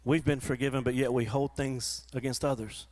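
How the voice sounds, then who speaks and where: A man preaching a sermon to his church, often repeating and restarting words, and rising into animated quoted voices. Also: medium pitch, moderate pace. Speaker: pastor. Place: church in front of a congregation.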